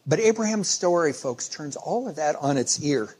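A man's voice: fairly high pitch, lively intonation, normal speed, a little mellow, husky. A man preaching a sermon in a conversational storytelling way, often restarting phrases as he goes. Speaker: pastor.

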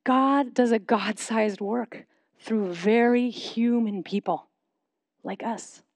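A woman pastor giving a sermon, posing questions and leading a guided silent prayer in a measured, unhurried way. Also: a little high, no room sound. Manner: measured, slowing into soft reflective pauses.

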